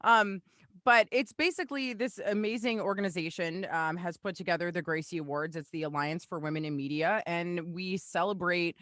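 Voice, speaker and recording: A woman joining a casual podcast by remote call, with a bright, sharp voice. The sound is close and dry. She talks in a bubbly, gushing way. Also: on the low side, moderate pace, no room sound.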